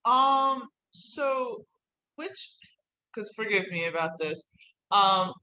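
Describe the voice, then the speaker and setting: A woman co-hosting a casual podcast film review, speaking in a measured way and thinking aloud. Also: medium pitch, lively intonation, sharp tone, rough recording.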